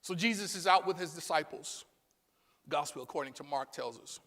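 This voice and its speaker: A man preaching a sermon as pastor, calling on the congregation to answer back and building up to shouts. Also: fairly high pitch, moderate pace, long reverb tail. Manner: call-and-response preaching, rising to shouts. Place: church sanctuary.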